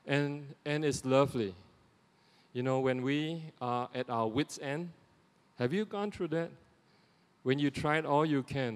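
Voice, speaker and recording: A man's voice: mid-range voice, measured pace, pauses often, clean tone. Singaporean man preaching in a reverberant church. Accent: Singaporean English. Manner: conversational, animated, with many restarts and "you know" asides. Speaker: lay preacher. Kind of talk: sermon. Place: church sanctuary.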